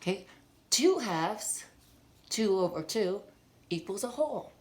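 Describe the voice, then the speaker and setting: Animated woman teaching a playful lesson. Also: medium pitch, a little slow, a little hiss or hum. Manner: animated, laughs often, teasing. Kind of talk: playful classroom lesson video.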